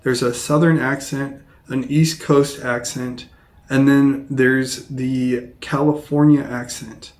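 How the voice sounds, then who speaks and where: A man from Seattle with a General American accent, explaining accents in a casual, hesitant way with many pauses. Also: medium pitch, level tone. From Seattle, United States. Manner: plain, hesitant with frequent ums. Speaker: English teacher. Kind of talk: casual educational talk.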